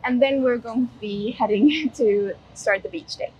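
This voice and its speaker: A woman narrating a casual travel vlog while walking around a city, relaxed, with plenty of ums and uhs. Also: on the high side, normal speed, noisy background. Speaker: travel vlogger. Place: outdoors in a city.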